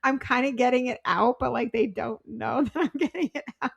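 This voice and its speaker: A woman's voice: high voice, animated, a little slow, vocal fry, slightly rough. A woman co-hosting a podcast in casual chat, talking loosely and giggling often. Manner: chatty and giggly, with loose filler-heavy phrasing. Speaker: podcast co-host.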